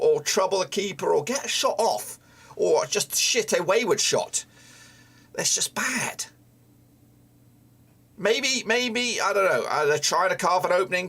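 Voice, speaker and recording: Streaming a live football watchalong, a frustrated man swears often and talks at the players on screen. His voice sits high and is creaky, fairly bright and slightly rough.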